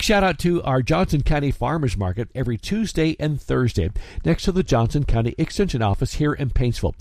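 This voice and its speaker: A man's voice: mid-range voice, fast talker, gravelly, hardly any pauses, no echo. A man, chatting casually as a classic hits radio DJ. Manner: lively, chatty, animated delivery. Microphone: studio microphone, dry.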